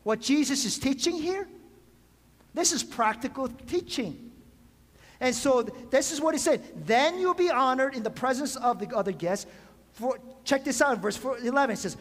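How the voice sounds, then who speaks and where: A man's voice: very high voice, lively intonation, normal speed, a bit bright. A man preaching a sermon as pastor, asking the congregation questions and calling for amens. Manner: preaching with call-and-response questions. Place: church sanctuary. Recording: long hall reverb.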